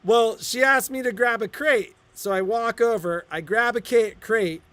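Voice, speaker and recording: Man, middle-aged, high-pitched, casual livestream host, lively storyteller. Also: measured pace, no echo. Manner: animated storyteller, acts out quoted dialogue. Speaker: shop co-owner and livestream host.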